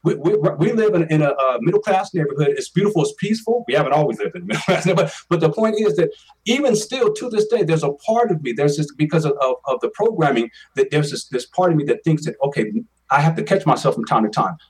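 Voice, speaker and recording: Earnest forties guy telling his story, talks fast, kinda far from the mic. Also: on the high side, animated, husky. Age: 40s. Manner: earnest, emphatic, repeats words. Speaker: interview guest. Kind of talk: personal storytelling.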